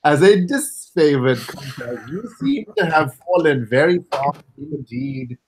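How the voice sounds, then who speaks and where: Brief: a man as game master, slow and dry-humored, slightly high-pitched. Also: expressive, slight background noise, rough recording. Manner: unhurried and wry, with fillers. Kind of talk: running a tabletop game.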